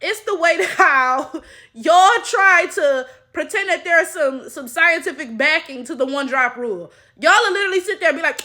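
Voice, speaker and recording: Young woman, high bright voice, blunt slangy commentary. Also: animated, normal speed. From Detroit, USA. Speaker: commentary YouTuber. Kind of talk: reaction commentary.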